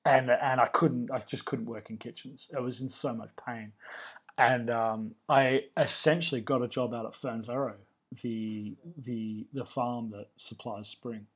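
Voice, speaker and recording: A mid-range, breathy-edged voice belongs to an Australian chef in his thirties, a guest in a casual interview. He keeps a measured pace and fairly even intonation while telling career stories in a loose, openly enthusiastic way.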